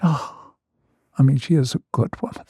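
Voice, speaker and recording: A man, a therapist appearing as a guest, telling a personal story in a vivid, animated and self-mocking way. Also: medium pitch, normal speed, breathy edge, dry recording, clean studio sound.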